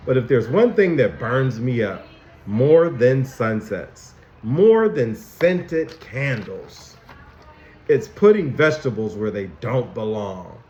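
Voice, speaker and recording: A man voicing Anger, a gruff and growly grumpy emotion character from a children's picture book, read aloud with slow, heavy emphasis. The sound is a bit dull and echoey, as in a plain room with a modest mic. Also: mid-range voice, sing-song, darkish tone.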